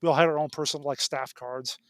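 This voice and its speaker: A man's voice: fairly high pitch, steady tone, fast talker, dry recording. A middle-aged man, a game designer, telling stories as a podcast guest and often restarting and correcting himself mid-sentence. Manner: rambling, self-correcting storyteller. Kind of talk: casual podcast conversation.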